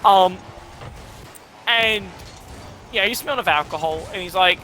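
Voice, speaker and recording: A man's voice: high voice, a little slow, sharp tone, a little hiss or hum. A young man who tells a rambling, sweary story while gaming with friends. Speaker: streamer and gamer.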